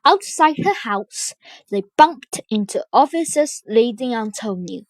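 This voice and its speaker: A woman narrating a children's storybook in an expressive storytelling manner. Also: a little high, unhurried, no room sound.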